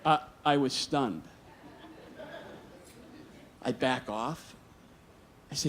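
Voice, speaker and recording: A man's voice: medium pitch, animated, slow pace, long pauses, slight background noise. A man telling a personal story live on stage, earnest and vivid, acting out the dialogue. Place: stage at a museum storytelling event.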